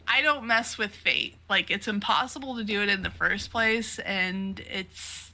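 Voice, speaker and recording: A woman's voice: medium pitch, a little slow, bright, forceful tone. A woman co-hosting a podcast, chatting casually as she recaps a manga, swearing freely and full of fillers like "like" and "um". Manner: swears freely, retells scenes while acting out the characters' lines; filler-heavy, laughs often. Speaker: podcast co-host.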